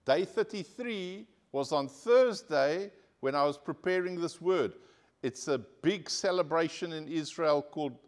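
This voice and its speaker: A man's voice: on the high side, animated, measured pace. Guy preaching in church, earnest, asks the room for an amen. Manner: earnest preaching, calls for amens from congregation. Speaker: pastor. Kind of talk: sermon.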